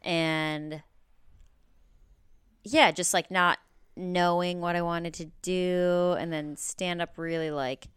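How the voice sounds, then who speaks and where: A woman's voice: lowish voice, steady tone, slow, long pauses, fairly bright tone, clean tone, no echo, clean studio sound. A woman stand-up comedian as a podcast guest, talking candidly and self-deprecatingly, laughing easily. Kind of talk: casual interview chat.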